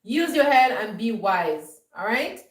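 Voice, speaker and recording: A woman's voice: fairly high pitch, big pitch swings, slow, reverberant, far from the mic, poor audio. Emphatic, scolding woman vlogger. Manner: emphatic, scolding, repeats "you understand?". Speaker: homestead vlogger. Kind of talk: lecturing monologue.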